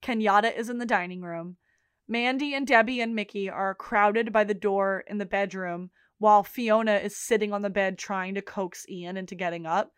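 A woman's voice: medium pitch, fairly even intonation, moderate pace, clean tone, dry recording, clean studio sound. A woman co-hosting a podcast, casually recapping TV scenes and acting out the characters' lines, with some swearing. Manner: retells scenes with quoted dialogue, swears casually. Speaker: podcast co-host.

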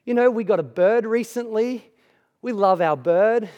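A man with a high voice preaches a sermon in a church hall, his words trailing into long reverb. He speaks conversationally and emphatically, dropping casual asides to the congregation. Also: measured pace, a little mellow, dull audio. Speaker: pastor.

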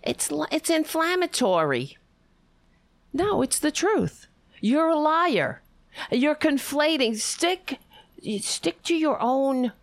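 A woman pours out angry, profane commentary as she reacts to a political clip, throwing sarcastic jabs between her points. Her pitch leaps high and drops low as she vents. The sound is close and dry, with no room echo. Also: big pitch swings, takes it slowly. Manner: furious, swearing, sarcastic asides.

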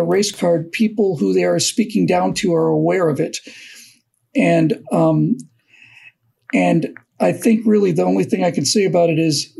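Raspy, gravelly high-voiced male commentator. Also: darkish tone. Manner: halting, repeats words, restarts often. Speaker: co-host and commentator. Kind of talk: casual political commentary.

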